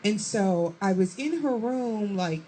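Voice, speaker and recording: A woman comedian telling a profane stand-up story with lively acted-out quotes. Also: mid-range voice, slow, a little hiss or hum, poor audio. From Chicago area, USA. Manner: profane, animated, acts out quotes.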